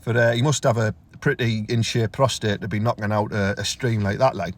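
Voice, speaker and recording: A young man with a Teesside accent delivering a crude, swearing comic rant to camera, his voice jumping high when he gets outraged. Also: fairly quick, hardly any pauses. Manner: crude, ranting, swears freely, big pitch jumps when outraged. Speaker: comedian.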